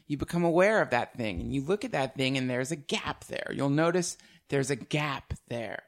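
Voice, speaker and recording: This male host has a medium-pitched, gravelly, expressive voice and speaks at a moderate pace. His podcast talk is casual and animated, peppered with swearing and laughter.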